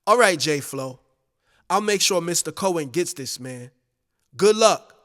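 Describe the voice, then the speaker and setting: A man's voice: a little high, animated, measured pace, a bit bright, long reverb tail. A man voicing a courteous male mail clerk who talks in a polite, obliging way.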